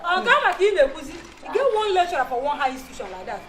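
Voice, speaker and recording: A lively, hot-tempered Nigerian woman. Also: very high voice, rapid-fire, some chatter behind, exaggerated voice. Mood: earnest. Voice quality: animated, laughing, switches between languages. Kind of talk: comic TV drama. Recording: distant mic with background noise.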